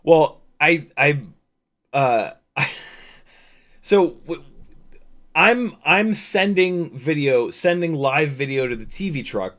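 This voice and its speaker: Laughing, animated man telling a story. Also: on the high side, takes it slowly, pauses often. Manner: animated, laughing, many restarts and fillers. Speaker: FPV drone pilot and stream host. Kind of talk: casual storytelling on a livestream.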